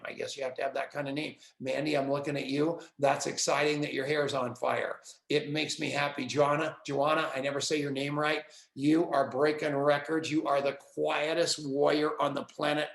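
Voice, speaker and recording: A man's voice: on the high side, gravelly. Fervent rambling man in an echoey room. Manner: fervent, rambling, shouts out names. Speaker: network marketing leader. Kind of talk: motivational pep talk on a video call.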